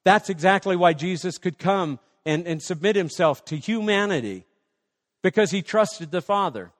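A man's voice: high-pitched, expressive, moderate pace, in a large hall. A man preaching a sermon as pastor, passionate, acting out prayers and little dialogues.

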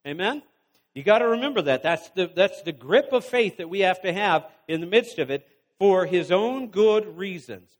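A man with a high voice preaches, reading scripture aloud and breaking off to exhort the congregation. His voice rings with a long hall reverb. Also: lively intonation. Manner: reads scripture then pauses to exhort the congregation.

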